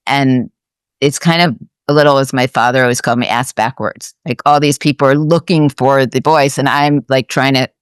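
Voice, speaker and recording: Woman host musing out loud, smooth clear voice, dry close sound, stops and restarts a lot. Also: rumbling low, no echo. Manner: reflective, halting storytelling with restarts. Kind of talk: conversational storytelling.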